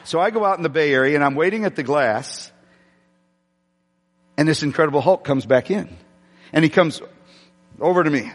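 A male pastor telling a story during a sermon, chatty and self-deprecating, with halting restarts. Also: on the high side, animated. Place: church sanctuary. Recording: long hall reverb.

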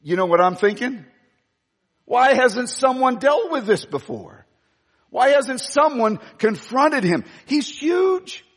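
A man preaching a sermon with a boisterous voice, telling a story in an animated way and acting out the quotes. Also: very high voice, takes it slowly. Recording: long hall reverb.

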